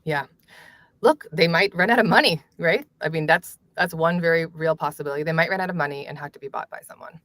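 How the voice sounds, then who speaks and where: Female author guest, very low voice, measured answers, dry close recording. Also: a bit bright, no room sound. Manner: measured, laughs lightly, many fillers. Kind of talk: conversational interview.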